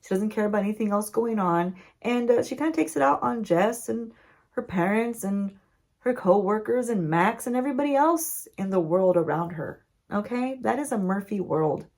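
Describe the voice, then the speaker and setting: A woman beauty vlogger telling a playful, chatty story-time recap with lots of asides to her viewers. Her mid-pitched voice carries a gravelly fry. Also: animated, normal speed, darkish tone. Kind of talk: story-time recap while doing makeup.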